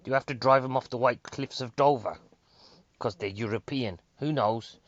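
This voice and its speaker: Excitable, rambling Northern English male comic. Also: medium pitch, normal speed, no room sound. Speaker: stand-up comedian. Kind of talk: rambling stand-up monologue. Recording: dry, slightly dull sound.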